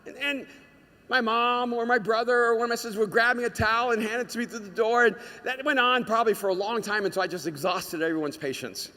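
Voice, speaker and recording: Animated, bright-voiced male preacher. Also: very high-pitched, fast talker, big-room sound. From United States. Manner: storytelling, animated, shouts quoted lines. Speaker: pastor. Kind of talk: sermon.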